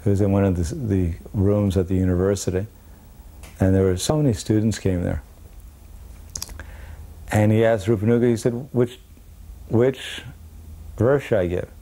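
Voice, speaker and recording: A man with a lowish voice and a dark, mellow tone recounts a story from memory. He brings the people in it to life by acting out their lines. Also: steady tone, normal speed, long pauses. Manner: acts out the quoted voices in his story. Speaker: devotee recalling memories. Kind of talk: anecdotal storytelling.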